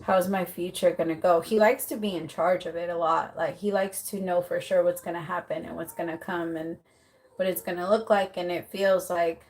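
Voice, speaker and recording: During a casual live tarot session, a woman with a fairly low voice talks loosely at a moderate pace, full of fillers. She livens things up by acting out the man's thoughts, voicing the client's partner complete with swearing. The recording is rough.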